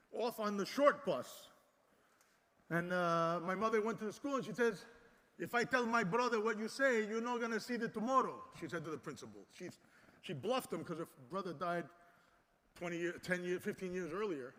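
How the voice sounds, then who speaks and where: A man's voice: sits high, animated, fairly quick. Fiery man speaking in a big hall. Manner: fiery, exhorting, swings between loud and soft. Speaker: conference speaker. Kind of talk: impassioned conference speech. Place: large conference hall. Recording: long hall reverb.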